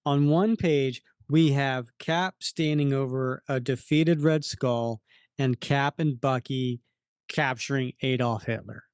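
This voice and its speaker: A man's voice: mid-range voice, steady tone, slow pace, smooth, no echo, studio quality. A man co-hosting a casual comic book podcast, walking through the panels unhurriedly with many fillers. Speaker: podcast co-host.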